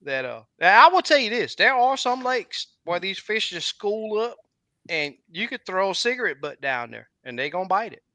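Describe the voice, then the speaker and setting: A man's voice: high voice, sing-song, moderate pace, pushed and bright, dry recording. A man hosting a casual fishing livestream, talking with many restarts. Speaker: fishing guide and livestream host.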